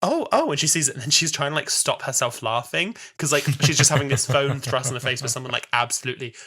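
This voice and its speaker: A man's voice: medium pitch, fast talker. A man in his twenties co-hosting a podcast, chatting casually, stuffed up with a cough and cold. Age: 20s. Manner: chatty, animated storytelling. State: congested with a cold. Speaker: podcast co-host. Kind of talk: casual chat.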